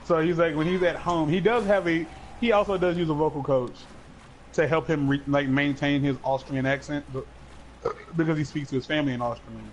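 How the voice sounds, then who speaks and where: A man's voice: fairly high pitch, fairly even intonation, brisk, a little hiss or hum, low-quality recording. A man co-hosting a casual chat, rambling and joking with many fillers. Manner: rambling, filler-heavy, jokey. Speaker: podcast co-host.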